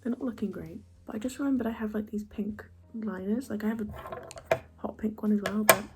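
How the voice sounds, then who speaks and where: A young woman chatting casually through a makeup routine, soft and often half-whispered, chatty and self-mocking. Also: medium pitch, brisk, loud music behind the voice. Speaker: beauty vlogger.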